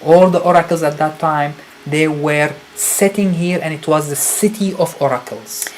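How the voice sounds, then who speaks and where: A woman's voice: low-pitched, normal speed, darkish tone, slight background noise. A woman whose first language is Arabic, co-hosting a casual spiritual talk, enthusiastic, with emphatic repetitions and non-native phrasing. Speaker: retreat co-host.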